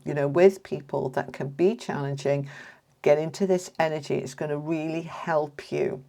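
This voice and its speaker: Woman, tarot reader, chatty and homely, slightly low voice. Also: darkish tone. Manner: chatty and homely, addresses viewers as friends. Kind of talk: casual tarot reading to camera.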